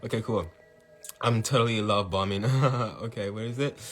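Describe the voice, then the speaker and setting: A man hosting a casual livestream talk, animated, laughing often and shouting when he acts out hype, with faint music behind. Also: on the low side, normal speed. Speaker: podcast host.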